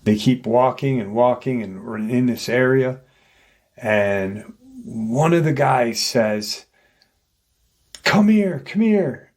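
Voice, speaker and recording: A man hosting his channel, slowly retelling an eerie encounter in casual, rambling storytelling and acting out the voices he quotes. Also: mid-range voice, a little mellow.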